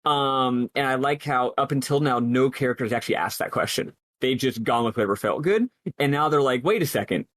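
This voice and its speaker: A man's voice: mid-range voice, brisk, few pauses, fairly bright tone, dry recording. Rambling thoughtful man, dry sound. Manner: thoughtful, rambling with many fillers. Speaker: podcast co-host. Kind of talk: casual discussion.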